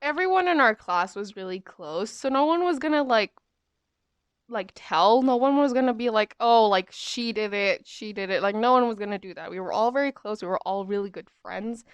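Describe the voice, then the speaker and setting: A woman's voice: on the high side, animated, fairly quick, clear, resonant tone, no room sound. Young woman, podcast host, casual rambling storyteller, dry close sound. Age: young adult. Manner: rambling, chatty, lots of fillers.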